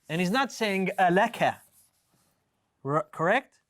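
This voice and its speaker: A man's voice: high voice, expressive, a little slow, a bit bright. A man teaching an Arabic class to students, explaining words patiently, often checking with "right?" and reading example sentences aloud. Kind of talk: classroom lesson.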